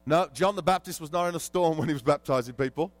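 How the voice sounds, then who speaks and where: A man preaching a sermon as pastor, telling an animated story and quizzing the congregation. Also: a little high, fast talker, no room sound.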